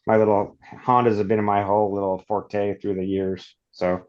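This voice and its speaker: A man from Northern California, a podcast guest, telling long rambling stories in a casual, animated way. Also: lowish voice, moderate pace, dull audio. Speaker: podcast guest, off-road shop owner. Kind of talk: casual storytelling.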